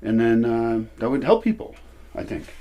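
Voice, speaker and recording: A man's voice: medium pitch, very animated, moderate pace, muffled recording. A man chatting casually while he feeds dogs outdoors at night, wandering off and correcting himself as he talks. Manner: rambling, self-correcting. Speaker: vlogger feeding dogs. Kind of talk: casual vlog narration. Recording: noisy outdoor recording. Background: dogs barking and moving about.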